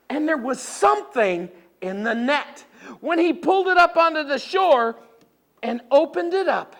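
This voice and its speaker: Library story-time reader, woman, animated, high voice. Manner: animated, addressing children directly.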